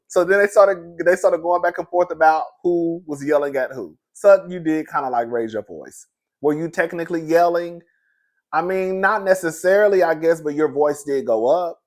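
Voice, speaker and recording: A man's voice: a little high, animated, moderate pace. A young man recapping a reality show in casual, sassy commentary, laughing often and calling the listener "girl".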